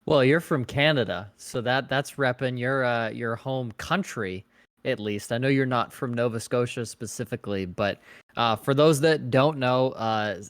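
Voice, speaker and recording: Rambling male esports co-caster. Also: mid-range voice. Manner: rambling, hesitant with fillers. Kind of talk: esports match commentary.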